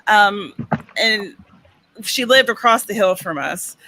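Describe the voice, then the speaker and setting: Woman host, casual live chat, reads comments, quick to laugh. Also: mid-range voice, lively intonation, sharp tone, poor audio.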